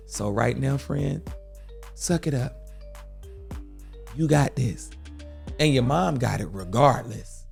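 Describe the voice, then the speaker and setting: A man's voice: mid-range voice, gravelly. A man hosting a storytime advice show, speaking earnestly in a preachy, comforting way.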